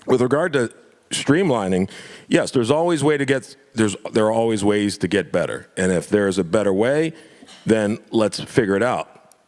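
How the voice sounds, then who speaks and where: A man's voice: lowish voice, a little mellow, long reverb tail. A man from Florida, an elected official, making impassioned public remarks at a club meeting, emphatic and prone to repeating himself.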